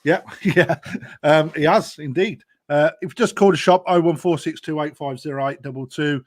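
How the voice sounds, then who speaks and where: A man hosting a live fish auction, chatting casually, bursting loud and then dropping to quiet asides. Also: on the high side, moderate pace. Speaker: auction host.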